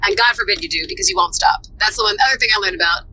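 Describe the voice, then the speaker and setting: A woman's voice: mid-range voice, very fast, sharp tone, a little hiss or hum, low-quality recording. A woman co-hosting a podcast, telling stories expressively and laughing often from inside a moving car. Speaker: podcast co-host. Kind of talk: casual chat.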